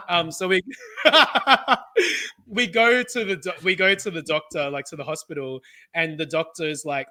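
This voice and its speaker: A man's voice: high voice, animated, normal speed, bright, forceful tone. A young man co-hosting a casual podcast, telling personal stories in a chatty way and laughing often. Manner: chatty storyteller, laughs often, acts out relatives' voices. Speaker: podcast co-host. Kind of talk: casual chat.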